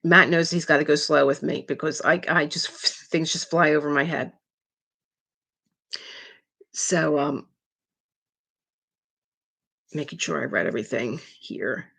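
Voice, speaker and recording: A middle-aged woman hosting a casual live chat, talking in a chatty, rambling way with quick asides. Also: sits low, gravelly, a bit bright, husky. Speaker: livestream host.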